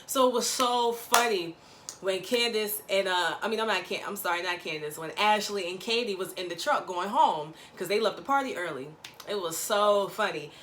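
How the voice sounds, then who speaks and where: Bright-voiced gossipy woman recapping. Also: moderate pace, a little hiss or hum. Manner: gossipy, animated, slangy, acts out quotes in high voices. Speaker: reality TV recap commentator. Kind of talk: casual recap chat.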